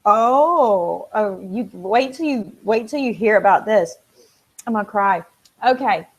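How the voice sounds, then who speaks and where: A woman hosting a casual live stream, chatting excitedly with viewers, reading out their comments and filling pauses with ums and restarts. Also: medium pitch, poor audio. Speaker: livestream host.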